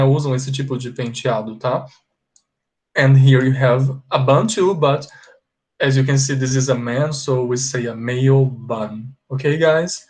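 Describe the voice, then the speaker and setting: A man with a Brazilian Portuguese accent, a native Portuguese speaker teaching an online English lesson, slowly repeating words for pronunciation and often checking in with "ok?". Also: medium pitch, a little mellow.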